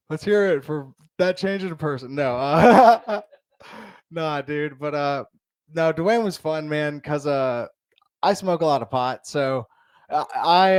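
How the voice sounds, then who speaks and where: A young man performs stand-up at a bar show, with a clean, resonant voice pitched a little high. He rambles through crude stories with plenty of fillers, sounding close and dry. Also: slow pace, clear, resonant tone, no room sound. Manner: loose, rambling delivery with crude jokes and fillers. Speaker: stand-up comedian. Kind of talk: stand-up comedy set.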